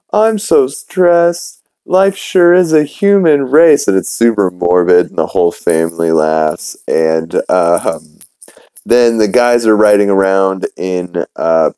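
A man's voice: deep voice, mellow, no echo, low-quality recording. A young man from New Orleans who hosts a podcast, casually recapping a cartoon episode in a rambling way, full of fillers and acted-out quotes. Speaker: podcast host.

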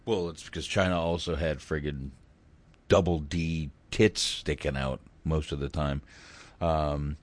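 A man's voice: extremely low pitch, steady tone, measured pace, dry recording. A man hosting a casual film chat, rambling and crude, with many hesitations. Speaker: podcast host.

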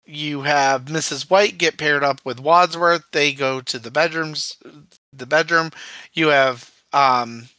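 A podcast co-host recapping a movie in casual chat, telling the plot with animated quoted lines. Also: mid-range voice, slow pace, dry recording, poor audio. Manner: lively storyteller, acts out quotes.

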